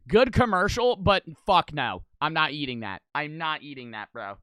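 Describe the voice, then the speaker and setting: A young man riffing on old commercials in a high, bright voice with plenty of bite. He swears freely and swings into loud disbelief. His delivery is casual and unpolished. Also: lively intonation, moderate pace, hardly any pauses, smooth, no echo. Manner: loud, profane, incredulous outbursts. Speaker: streamer reacting to old commercials.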